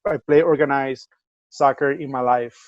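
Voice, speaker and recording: A man's voice: medium pitch, steady tone, moderate pace, no room sound, lo-fi sound. A man co-hosting a casual remote podcast, telling a rambling story full of fillers and restarts. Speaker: podcast co-host. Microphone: remote call mic.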